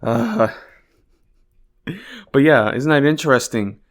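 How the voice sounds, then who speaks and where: A man's voice: medium pitch, very animated, slow pace. A man hosting a podcast who reads news quotes aloud and reacts with exasperated, profane commentary, full of "like" and "you know". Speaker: podcast host. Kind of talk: casual political commentary.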